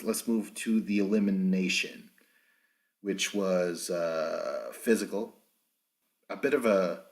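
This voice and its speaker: A man hosting a casual podcast recap without a proper microphone, rambling, swearing freely and acting out what others said. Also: deep voice. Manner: rambling, profane, acts out quotes. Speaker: podcast host.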